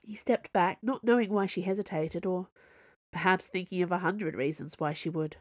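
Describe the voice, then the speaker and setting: A woman narrating a romance novel in a measured, expressive reading. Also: lowish voice, no room sound, lo-fi sound. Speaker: audiobook narrator. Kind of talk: scripted narration.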